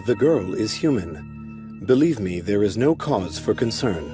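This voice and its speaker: An actor playing an emotionless male golem lord who speaks calmly and formally. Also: lowish voice, over music. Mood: flat. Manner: calm, measured, formal. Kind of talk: anime dub acting.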